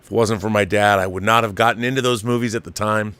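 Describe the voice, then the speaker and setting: A man's voice: lowish voice, fairly even intonation, quick pace, fairly bright tone, clear, resonant tone, no room sound. A man hosting a show, casually reading a viewer's letter aloud and breaking in with his own asides. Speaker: host reading viewer mail. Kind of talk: casual chat.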